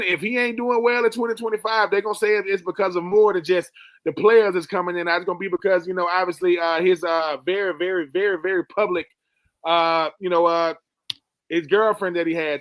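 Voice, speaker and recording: A man's voice: high voice, a bit bright, no echo. A man from Georgia with a Southern accent, giving plainspoken, casual opinions on football as a regular panelist. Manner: plainspoken, colloquial opinion talk. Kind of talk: casual sports talk.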